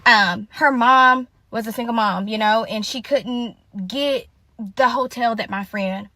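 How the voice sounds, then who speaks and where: A woman's voice: on the high side, a little slow, bright, forceful tone, no room sound. A woman in her late twenties hosting a casual storytime monologue, chatty and talking straight to her viewers. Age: late 20s. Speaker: storytime host.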